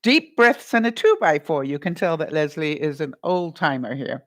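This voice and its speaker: In a deep, expressive voice at normal speed, a woman vlogger chats live with her viewers and gives them advice. She calls them honey, uses their names, and meanders through asides.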